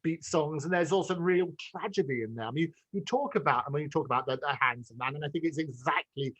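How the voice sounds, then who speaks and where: A man's voice: on the high side, quick pace, a bit bright, husky. A man hosting an interview show, chatty and jokey as he prompts his guest. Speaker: talk show host. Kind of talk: interview conversation.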